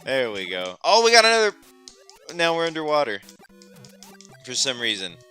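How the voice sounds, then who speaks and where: A man hosting a relaxed gameplay stream, with frequent exclamations and laughter. His voice is very bright and lively, leaping up and down in pitch. Faint music plays underneath. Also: moderate pace. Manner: animated, exclamatory, laughs often. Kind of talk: casual gameplay chat.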